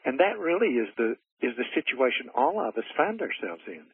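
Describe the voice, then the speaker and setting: A man's voice: mid-range voice, big pitch swings, a little fast, breathy edge, no echo. A man earnestly teaching in conversation, retelling stories with little voiced quotes and frequent restarts. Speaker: guest. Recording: muffled phone-line sound.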